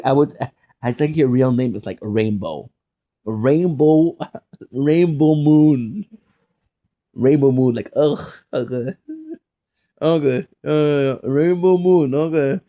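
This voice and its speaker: Playful teasing young man, mellow voice. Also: medium pitch, lo-fi sound. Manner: playful and teasing, bursts into mock outrage and repeated phrases. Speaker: live streamer chatting with viewers. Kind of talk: casual chat.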